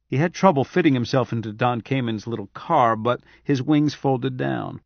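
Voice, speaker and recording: Man narrating, dry and steady. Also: medium pitch, moderate pace, gravelly, no echo. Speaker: audiobook narrator. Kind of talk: scripted narration. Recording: dry, slightly dull audiobook recording.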